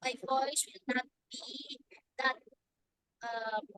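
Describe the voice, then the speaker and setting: Woman teacher: high bright voice, slow and halting delivery, dry close sound. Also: fairly even intonation, no echo, low-quality recording. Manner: halting, with many fillers and restarts. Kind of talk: classroom grammar lesson.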